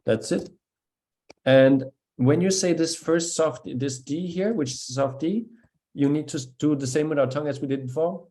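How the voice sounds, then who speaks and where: A man's voice: fairly high pitch, warm tone. Patient Danish-accented man teaching pronunciation. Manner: patient, encouraging, demonstrates sounds slowly. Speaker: language teacher. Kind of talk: one-on-one pronunciation lesson.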